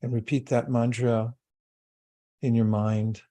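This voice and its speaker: A man giving a spiritual talk and a guided meditation, speaking slowly, calmly and soothingly with long pauses. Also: medium pitch. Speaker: spiritual teacher.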